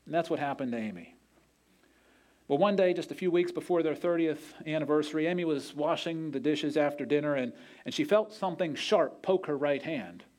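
A man's voice: fairly high pitch, a little fast, a little mellow. A man preaching a sermon, telling a story in an earnest way and acting out the quoted voices. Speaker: pastor.

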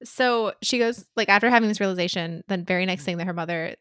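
A woman's voice: medium pitch, fast talker, fairly bright tone, clean tone, no room sound. A woman recapping a book in casual chat, rambling with many "like"s and acting out quotes, with a dry close mic.

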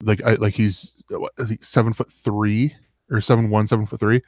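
A man's voice: lowish voice, little pitch movement, fairly quick, a little mellow, no room sound, studio quality. A man co-hosting a podcast, telling a long rambling story in casual chat and acting out the quotes. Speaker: podcast co-host.

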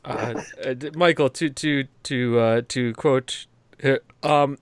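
A man's voice: mid-range voice, fairly even intonation, slow, clean tone, dry recording. A man with a New England accent hosting a podcast in a rambling, profane casual chat with many stammered restarts. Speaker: podcast host.

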